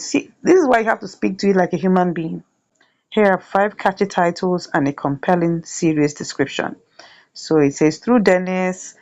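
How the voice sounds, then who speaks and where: Lower-voiced woman teaching casually. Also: darkish tone, highs cut off. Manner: chatty, repeats "right?" often. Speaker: YouTube tutorial host. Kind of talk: screen-share tutorial.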